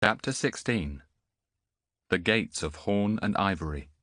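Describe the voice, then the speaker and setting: Male audiobook narrator, very low voice, lively expressive storytelling, dry close recording. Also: a little slow, no echo. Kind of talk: scripted narration.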